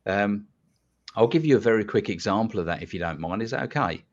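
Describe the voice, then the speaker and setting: Blunt man, low voice, lo-fi. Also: fairly quick. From London, England. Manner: blunt, animated storyteller who swears casually. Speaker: guest hypnotist. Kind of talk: casual podcast storytelling. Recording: dull lo-fi sound.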